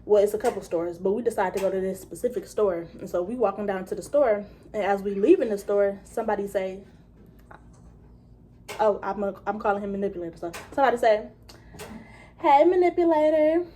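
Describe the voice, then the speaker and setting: Young woman, storytime vlog, casual and profane, acts out quotes, mid-pitched voice, faint background noise. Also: a little fast, mellow. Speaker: vlogger.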